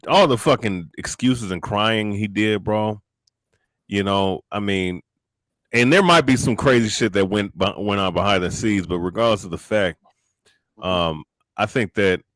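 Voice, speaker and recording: A man's voice: lowish voice, fairly bright tone, no echo. A man co-hosting a boxing show, arguing bluntly and profanely and stumbling over his words. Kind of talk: heated boxing banter.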